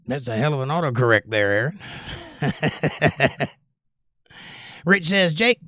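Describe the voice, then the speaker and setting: A man's voice: mid-range voice, measured pace, no echo, studio quality. An older man hosting a music livestream, reading viewers' comments aloud in a casual, joking way. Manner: animated, reads chat aloud and jokes.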